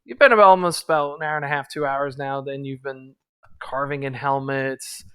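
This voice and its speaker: A man's voice: mid-range voice, fairly even intonation, brisk, a bit bright, smooth, no echo. A man running a tabletop role-playing game, narrating in a loose, rambling way. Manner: loose, rambling, laughing often. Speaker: game master.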